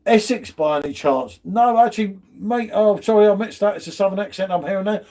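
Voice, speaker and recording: A man's voice: sits high, brisk, a little mellow. A man hosting a casual live beer stream from home, bantering, swearing and greeting viewers in chat. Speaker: beer channel host.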